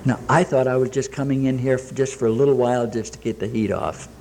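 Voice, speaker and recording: A man's voice: medium pitch, fairly even intonation, fast, a little mellow, slight background noise. A man telling his own recovery story to a meeting audience, in plain talk full of quoted dialogue and dry jokes. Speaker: speaker sharing at a recovery meeting. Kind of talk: personal recovery story told to a live audience. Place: meeting room with a live audience.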